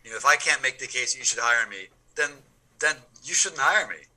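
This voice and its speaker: A man's voice: medium pitch, lively intonation, brisk, bright, forceful tone, rough recording. A man, an actor, talking animatedly as an interview guest, often repeating words as he builds a point. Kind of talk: casual interview conversation.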